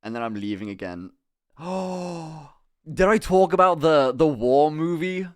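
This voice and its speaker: A young man streaming live, chatting casually with viewers and telling an animated, swear-laden story with frequent laughter. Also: a little high, measured pace.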